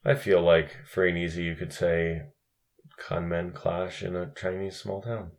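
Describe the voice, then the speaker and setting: Low, gravelly man chatting casually. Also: little pitch movement, a little slow. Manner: rambling, profane, with frequent restarts. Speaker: podcast co-host. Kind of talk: casual film review chat.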